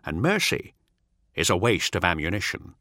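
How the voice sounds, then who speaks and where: A man voicing a cold, ruthless male warrior commander who speaks in a flat, clipped, menacing way. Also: deep voice, moderate pace, no echo, studio quality, exaggerated voice.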